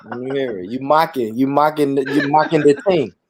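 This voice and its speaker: A man on a group video call, teasing and animated, laughing often. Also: medium pitch, moderate pace. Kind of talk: casual group call chat. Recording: crowd noise behind.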